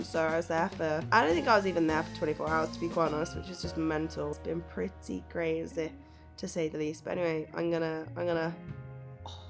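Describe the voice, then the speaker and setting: Hoarse, chatty woman vlogging. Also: on the low side. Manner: chatty, candid, self-mocking. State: hoarse from a cold. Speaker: travel vlogger. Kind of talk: casual vlog chat to camera.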